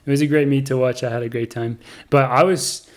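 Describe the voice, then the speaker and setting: A young man hosting a casual podcast chat, relaxed and rambling. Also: medium pitch, brisk. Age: young adult. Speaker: podcast host.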